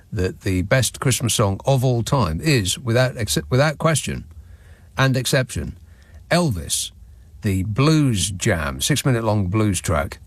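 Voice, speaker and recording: A man hosts a late-night radio phone-in in a dry, deadpan way, teasing his guests. His medium-pitched voice is recorded close and dry on a studio mic. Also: dry recording. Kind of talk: casual radio phone-in chat. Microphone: studio microphone.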